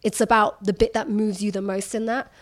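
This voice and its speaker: A young woman journalist talking candidly in an interview, animated and quick to laugh, acting out remarks she has heard. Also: mid-range voice. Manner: animated, laughs often, acts out quoted remarks. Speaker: journalist guest.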